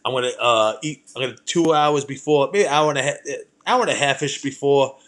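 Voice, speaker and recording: A man's voice: medium pitch, brisk. A man, hosting a comedy podcast and telling rambling, profane stories in a casual monologue. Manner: profane, rambling, animated anecdotes.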